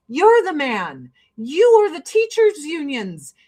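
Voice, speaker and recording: A woman's voice: high-pitched, sing-song, takes it slowly, darkish tone. A woman in her forties ranting casually and profanely to camera while getting ready. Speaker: vlogger.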